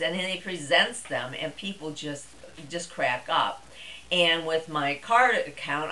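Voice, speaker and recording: Chatty low-voiced woman vlogger. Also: bright, forceful tone, slight background noise, poor audio. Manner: chatty and rambling, with fillers. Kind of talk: casual monologue to camera.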